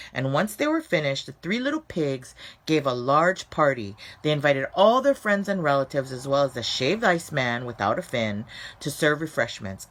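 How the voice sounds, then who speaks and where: A woman reading a children's story aloud, with expressive, dramatic storytelling and slowed emphasis. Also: deep voice.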